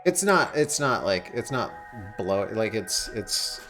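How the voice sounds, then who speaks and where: Man, game master, gravelly voice, rambling, frequent laughs, faint background music. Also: lowish voice, sing-song, slow pace, bright, forceful tone. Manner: rambling, laughing often, many fillers and restarts. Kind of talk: narrating a tabletop horror game.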